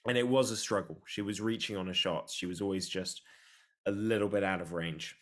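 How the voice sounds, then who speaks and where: A man co-hosting a podcast, chatting casually and excitably about fights with a joking tone. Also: deep voice, brisk. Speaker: podcast co-host. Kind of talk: casual sports chat.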